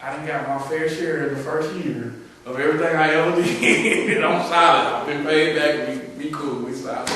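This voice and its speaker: Male pastor, middle-aged, high-pitched sermon delivery from quiet to loud playful scolding; very echoey church, faint hiss. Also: normal speed. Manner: swings from hushed talk to loud, playful scolding. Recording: very echoey hall, far-off mic, faint hiss.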